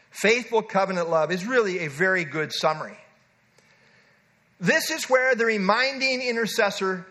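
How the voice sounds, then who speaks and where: A man with a high, bright voice delivers an expository sermon. He teaches earnestly, repeating key words for emphasis. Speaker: preacher.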